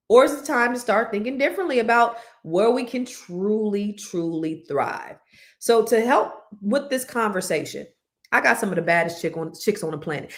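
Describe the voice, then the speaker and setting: A Californian woman hosting a panel talk show in a lively, chatty way. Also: mid-range voice. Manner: lively, chatty, playful with the guests. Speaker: panel host.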